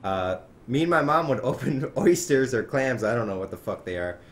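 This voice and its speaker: A man from Wisconsin hosting a casual podcast, talking excitably and swearing a lot. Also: medium pitch, moderate pace. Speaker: podcast host.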